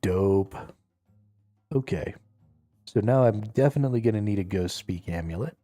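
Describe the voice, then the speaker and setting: A low-voiced man chatting casually while he plays on a live stream, joking and wry. His tone is mellow, the sound is dry and close, and soft music plays underneath. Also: normal speed, no room sound. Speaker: game streamer.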